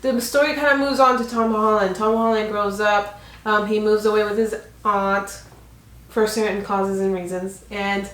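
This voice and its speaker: A woman recaps a movie's story in a relaxed, chatty way, leaning on fillers as she goes. Her voice sits at a middle pitch. The room has a noticeable echo. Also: moderate pace. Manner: chatty, many fillers, summarizing the plot. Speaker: co-host of a couple's film review. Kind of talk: casual movie review chat.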